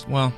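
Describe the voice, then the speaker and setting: With a medium-pitched voice and noticeable vocal fry, this podcast co-host tells a story in casual conversation. He brings it to life by acting out the quotes.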